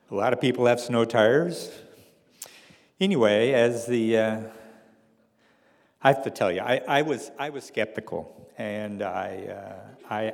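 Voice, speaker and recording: Gravelly man telling a wry story. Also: on the low side, in a large hall. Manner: wry, halting, with frequent restarts and fillers. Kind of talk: personal story told to an audience.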